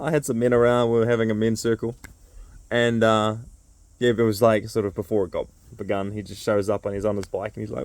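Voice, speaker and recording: A man's voice: lowish voice, steady tone, normal speed, long pauses, darkish tone, no room sound. A man who runs a men's circle, telling a casual, rambling story full of fillers.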